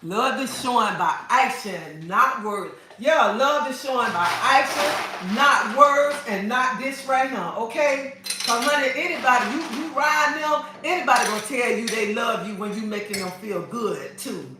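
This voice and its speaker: A woman's voice: a little high, lively intonation, measured pace, noisy background. A woman host chatting casually on a livestream, sassy and preachy, calling her viewers honey. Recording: echoey room, mic at a distance.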